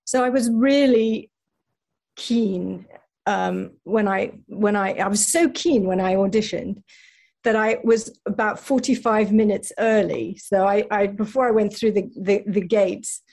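A woman's voice: medium pitch, a little slow, gravelly, a little mellow. A woman with an English accent, chatting in an interview, self-deprecating and stumbling through restarts with frequent laughs. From England. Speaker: actress guest. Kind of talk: casual interview chat.

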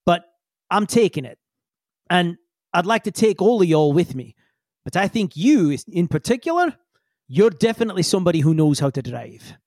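A man voicing a tough, friendly woman pilot who speaks in a slow, easygoing drawl. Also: high-pitched, sing-song, darkish tone, dry recording, clean studio sound, full character voice.

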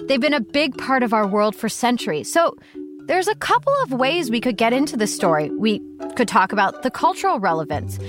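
Bubbly high-voiced woman host. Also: big pitch swings, brisk. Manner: bubbly, encouraging. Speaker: podcast co-host. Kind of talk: casual chat. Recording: music bed behind voice.

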